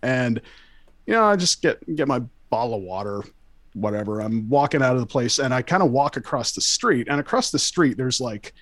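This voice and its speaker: A man's voice: medium pitch, lively intonation, normal speed, fairly bright tone, no room sound. Rambling, profane young man. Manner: profane, rambling, lots of fillers and restarts. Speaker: storyteller guest. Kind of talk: casual storytelling among friends.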